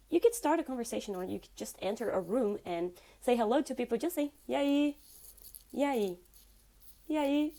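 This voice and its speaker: A woman teaching a beginner language lesson, repeating words slowly for learners. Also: fairly high pitch, mellow. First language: Portuguese.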